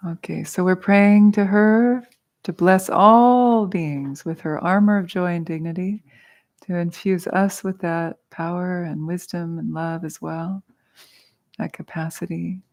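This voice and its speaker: Middle-aged female meditation teacher, slow, low-pitched, casual and humorous, laughs often. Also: fairly even intonation, a little mellow. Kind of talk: guided mantra teaching. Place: studio.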